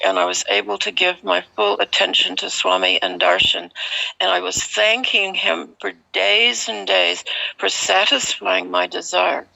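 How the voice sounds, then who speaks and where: A woman's voice: medium pitch, gravelly, bright, forceful tone. A woman telling a personal story from her time at an ashram, in an earnest, vivid way with small fillers. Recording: slightly muffled recording.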